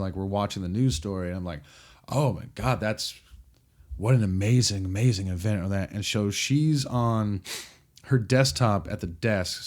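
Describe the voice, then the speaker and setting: Lower-voiced man telling an animated story. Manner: animated, acts out quotes with restarts. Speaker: podcast guest. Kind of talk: casual storytelling chat.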